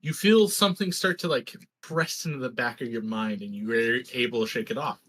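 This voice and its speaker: A man's voice: mid-range voice, brisk, a bit bright. A man running a tabletop game as game master, narrating scenes with a playful, teasing manner.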